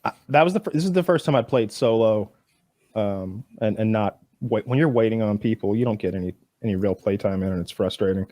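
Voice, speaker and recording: A man in casual podcast chat, telling a gaming story with animated delivery and lines acted out in a raised voice. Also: fairly quick, no echo, clean studio sound. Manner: animated storytelling, acts out other players' lines in a higher voice.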